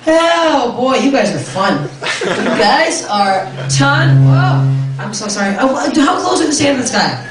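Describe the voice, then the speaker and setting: A young woman doing a stand-up set with a deep, raspy voice, chatting with the crowd and poking fun at herself. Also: sing-song, unhurried. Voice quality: deep raspy voice, says she always sounds this way. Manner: self-deprecating, chatty with the crowd. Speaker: stand-up comic. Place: comedy club stage. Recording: echoey club from far off, crowd noise.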